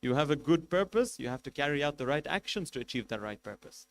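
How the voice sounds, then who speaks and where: A man's voice: a little high, big pitch swings, fast talker. A man giving a religious lecture as a sheikh, making numbered points and asking rhetorical questions with emphasis. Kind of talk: sermon.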